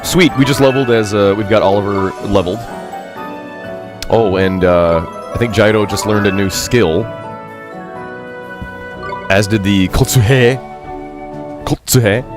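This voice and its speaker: Low-voiced man translating a game live. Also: a little slow, pauses often, over music. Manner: reads Japanese lines then translates them loosely; pitches up to quote characters, drops low for asides. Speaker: streamer translating a Japanese game. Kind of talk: casual live-stream commentary.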